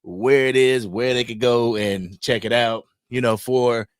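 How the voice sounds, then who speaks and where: A man's voice: medium pitch, steady tone, unhurried, smooth, no echo, clean studio sound. A man co-hosting a live sports stream, talking easily to viewers in a casual way.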